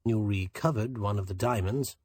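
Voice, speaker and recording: A man's voice: fairly low pitch, normal speed, a little mellow, no echo, studio quality, close to an everyday voice. A man voicing a grim insurance agent. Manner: grim, composed. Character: tall, grim male insurance representative.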